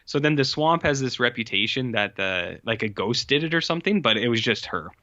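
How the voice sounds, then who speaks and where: Here a male podcast co-host chats about a film he's recapping, wandering off track and stuffing his speech with likes and uhs. He talks fairly quickly and expressively at medium pitch, with a sharp tone. There's no room sound, and the highs are cut off.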